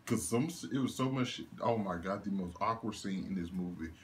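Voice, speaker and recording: A man's voice: low voice, fairly quick, a little hiss or hum. A young man giving a casual one-take movie review, ranting in disbelief, laughing and swearing as he goes. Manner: animated, laughing, incredulous rants with swearing.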